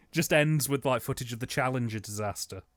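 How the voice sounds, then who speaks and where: A man co-hosting a casual film commentary, cracking playful deadpan jokes and laughing a lot. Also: mid-range voice, a little slow. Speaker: co-host.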